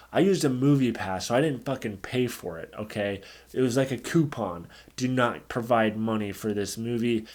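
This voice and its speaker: A man ranting angrily through a movie review, swearing often and sounding exasperated. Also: medium pitch. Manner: angry, profane, exasperated ranting.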